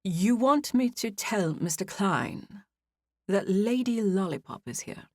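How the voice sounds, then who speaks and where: A woman voicing a polite, formal young male hotel clerk with a British accent, measured and professional, in an audiobook. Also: mid-range voice, expressive, darkish tone, dry recording, clean studio sound.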